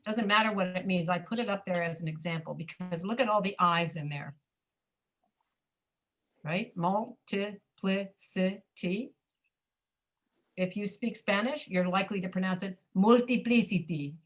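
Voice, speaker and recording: A woman's voice: lowish voice, a bit bright. American woman teaching pronunciation patiently. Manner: patient, repeats words slowly to model stress. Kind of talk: online English class teaching.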